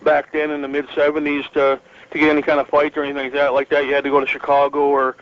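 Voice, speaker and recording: A middle-aged man from northern Michigan reminisces in a loose, rambling way, full of fillers and restarts. His pitch sits a little high but barely moves. The audio sounds muffled and lo-fi, like a phoned-in interview. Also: completely flat delivery, fast talker. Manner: rambling, many fillers and restarts, chuckles often. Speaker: interview guest, retired pro wrestler. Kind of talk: relaxed storytelling interview.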